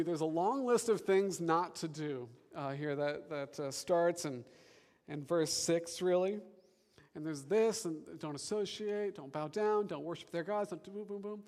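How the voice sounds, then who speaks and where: Male pastor, animated sermon delivery, church hall with long reverb. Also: high voice. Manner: animated, chatty with the congregation.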